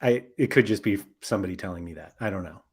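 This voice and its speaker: A man's voice: low-pitched, fast, slightly rough. A man hosting a casual podcast, talking in a rambling way with lots of fillers and self-corrections. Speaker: podcast host.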